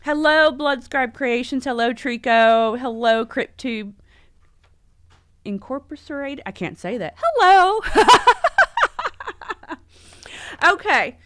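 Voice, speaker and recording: A woman's voice: a little high, slow pace, fairly bright tone, no echo, clean studio sound. Chatty woman hosting a live stream. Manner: chatty, rambling with many fillers and self-corrections. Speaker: livestream host. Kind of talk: casual live-stream chat. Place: home in Las Vegas.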